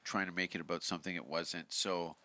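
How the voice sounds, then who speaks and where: A Canadian man, a comedian guest, telling crude stories in a casual podcast chat and shouting out lines in bursts. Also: deep voice, fairly even intonation, brisk. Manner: profane, shouts out heckler exchanges in loud acted bursts.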